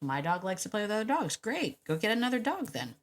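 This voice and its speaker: Woman podcast host, solo monologue, chatty, emphatic, casual, mid-pitched voice. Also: sing-song, a little fast. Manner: chatty and emphatic, with frequent laughs and restarts. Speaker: podcast host, dog trainer.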